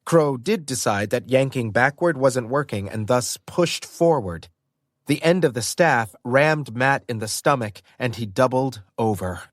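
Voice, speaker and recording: A man reading a first-person audiobook in an expressive storytelling manner. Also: mid-range voice, measured pace, no room sound. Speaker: audiobook narrator.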